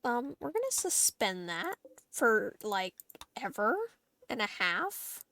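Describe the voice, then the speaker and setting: High-voiced giggly woman streamer. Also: big pitch swings, slow pace, sharp tone. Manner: chatty, giggly, talks to herself and chat while playing. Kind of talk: casual gameplay livestream chat.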